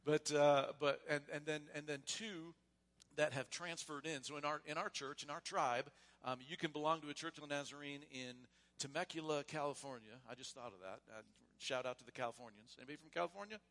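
A man serving as pastor, leading a church membership service in a loose, casual way and then reading vows and creed in a measured voice. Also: a little high. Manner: casual and warm, with frequent restarts; reads liturgy aloud in a measured voice. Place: church sanctuary.

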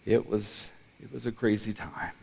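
A middle-aged man, a pastor, telling a personal testimony in a sermon, emotional and halting with many restarts. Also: on the low side, flat delivery, creaky, a little mellow, husky.

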